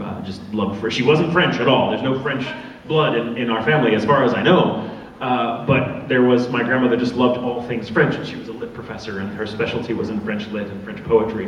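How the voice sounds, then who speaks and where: A man who is a voice actor, joking and swearing freely as he answers fan questions at a convention panel. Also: on the low side. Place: large convention hall with audience. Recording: echoey hall, distant, dull, crowd noise.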